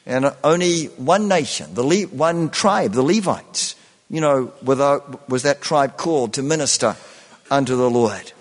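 A man preaching a sermon, repeating phrases and filling pauses with "you know". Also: medium pitch, animated, big-room sound. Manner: slow, repetitive preaching with many "you know" fillers.

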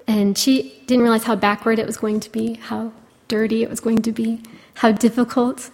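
Woman preacher, sermon delivery, earnest and gentle, filler-heavy, slightly higher voice, long hall reverb. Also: little pitch movement, normal speed. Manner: earnest, gentle, many "you know" fillers.

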